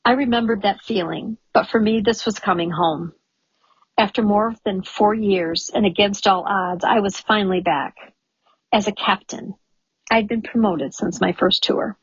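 A woman reads a first-person memoir aloud in a measured, wry way. Her voice is husky, the room is dry and close, and the recording is dull and lo-fi. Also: mid-range voice, no room sound. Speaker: audiobook narrator.

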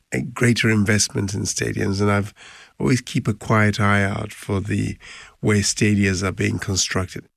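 A man's voice: on the low side, level tone, measured pace, creaky, a bit bright, dry recording, studio quality. A man, earnestly recalling the past in an interview. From Ghana. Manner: reflective, earnest. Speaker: former football club chairman. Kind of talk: interview recollection.

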